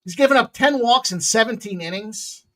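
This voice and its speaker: A man hosting a sports betting picks show, talking casually in a loose, jokey way with bursts of loud excitement. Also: very high voice, moderate pace.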